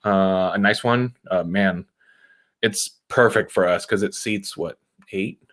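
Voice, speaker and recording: A man from the United States co-hosting a casual podcast, talking in a halting way with lots of fillers. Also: low voice, fairly bright tone. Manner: halting, many fillers and restarts. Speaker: podcast co-host. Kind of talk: casual chat.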